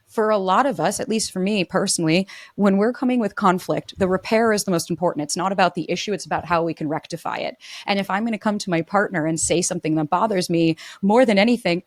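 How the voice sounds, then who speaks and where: A woman's voice: fairly low pitch, quick pace, no echo. A woman relationship coach as a podcast guest, talking fluently and acting out sample dialogue, with frequent "like". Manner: fluent, uses "like" often, acts out example dialogue. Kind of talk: casual interview chat.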